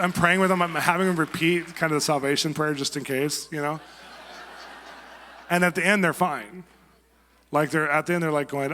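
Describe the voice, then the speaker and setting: A man's voice: a little high, normal speed, some chatter behind, slight background noise. Man preaching in a reverberant church. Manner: conversational, animated storytelling with acted quotes. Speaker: guest preacher. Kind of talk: sermon with storytelling. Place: church sanctuary. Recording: long reverb of a church hall.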